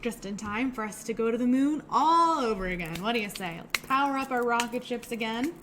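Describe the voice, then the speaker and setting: A woman's voice: on the high side, lively intonation, a little fast, a bit bright, slight background noise. A young woman leading a children's storytime, talking and singing in a cheerful, encouraging sing-song.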